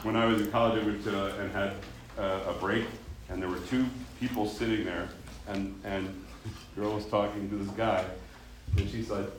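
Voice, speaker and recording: A man from Colorado leading a choir rehearsal, chatting quickly between run-throughs and giving instructions to the singers. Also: on the low side, level tone, background noise. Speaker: choir director. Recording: echoey room with choir music.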